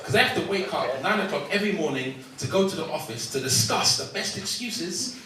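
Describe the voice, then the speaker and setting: A man's voice: a little high, lively intonation, fairly quick. A man performing a stand-up comedy set, chatty and punchy with frequent asides to the crowd. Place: comedy club stage with laughing audience. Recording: echoey club audio from far off, loud crowd.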